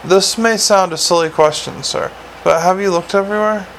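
A man's voice: sits high, normal speed, fairly bright tone, slight background noise, voice pushed up, rough recording. A man playing a polite, plodding male police sergeant speaking deferentially.

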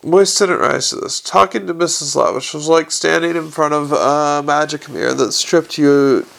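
A man's voice: on the high side, normal speed, creaky, fairly bright tone. A man reading an audiobook in a dry, understated narrating manner. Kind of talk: scripted narration.

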